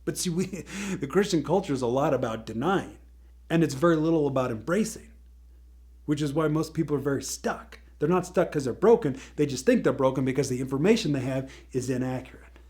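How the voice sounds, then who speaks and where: A man hosting a casual Christian teaching talk, telling a story in an animated way with lots of fillers. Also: on the high side, a little fast. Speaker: Christian teacher, podcast host.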